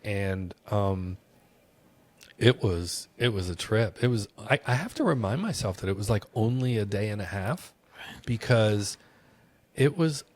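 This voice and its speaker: A man's voice: fairly low pitch, unhurried. A man telling a travel story with lots of energy and frequent laughs in a casual interview conversation. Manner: animated storyteller, laughs often. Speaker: podcast conversation partner.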